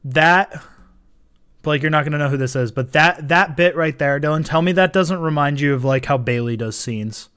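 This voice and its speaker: A man's voice: fairly high pitch, moderate pace, fairly bright tone, smooth. A young man chatting casually on a film commentary, rambling and often breaking into laughter. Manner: giggly, rambling, lots of "like". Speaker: filmmaker giving commentary.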